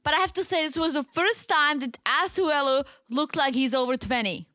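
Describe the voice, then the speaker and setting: A woman's voice: high-pitched, moderate pace, bright, forceful tone, dry recording, studio quality. A woman co-hosting a podcast, giving opinionated reality TV recaps and acting out quotes. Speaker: podcast co-host. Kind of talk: casual reality TV recap chat.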